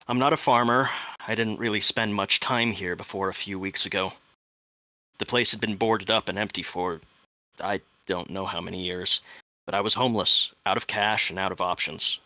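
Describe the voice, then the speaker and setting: Acting as game master, a man with a fairly low voice reads a dramatic first-person statement in a measured manner, dropping to hushed tones when tension builds. There's no echo.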